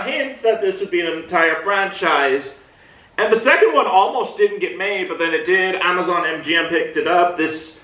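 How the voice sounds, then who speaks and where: A man from Minnesota talks through a film review in a slow, meandering way, wandering into asides. His voice sits high and sounds bright. He is heard from some distance in a roomy, echoing space. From Minnesota, USA. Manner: rambling, drifts into tangents and asides. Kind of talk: casual rambling film review monologue. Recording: roomy echo, mic at a distance.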